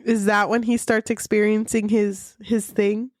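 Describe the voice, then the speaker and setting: A woman co-hosting a podcast, chatting playfully about a book with laughs and quick asides. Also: medium pitch, flat delivery, dry recording, clean studio sound. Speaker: podcast co-host. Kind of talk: casual book chat.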